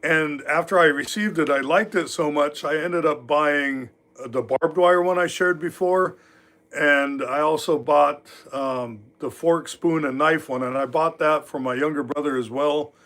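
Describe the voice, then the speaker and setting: A man's voice: on the high side, measured pace, a bit bright. Rambling middle-aged man telling stories. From Alaska. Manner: rambling, with frequent filler words. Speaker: livestream host. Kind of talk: casual storytelling. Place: knife workshop.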